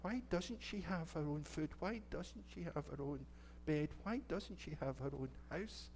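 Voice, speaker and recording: A middle-aged Scottish minister with a noticeably high voice. He tells a children's story in a playful, chatty way, asking the children questions. A faint hum sits behind him. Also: animated, measured pace, darkish tone. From Scotland. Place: church sanctuary.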